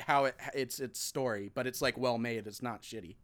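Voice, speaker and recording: Bright-voiced man chatting about movies. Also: medium pitch. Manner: halting, many restarts, chatty. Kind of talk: casual movie review chat.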